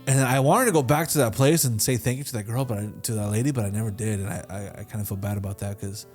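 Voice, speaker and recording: A man in his twenties talks through a story on a podcast, loose and casual, with swearing, "like" and false starts. He slips into quick imitations of the other people in his stories. Faint music plays underneath. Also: fairly low pitch, steady tone, darkish tone. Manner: loose and profane, full of fillers and restarts. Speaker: podcast co-host answering listener questions.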